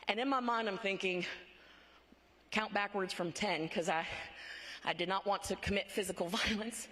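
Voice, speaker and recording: In a big conference hall that leaves a long reverb on everything, a woman with a medium-pitched, fairly bright voice delivers a motivational speech as the conference speaker. Her lines are short and punchy, and she keeps tossing in a rhetorical "right?".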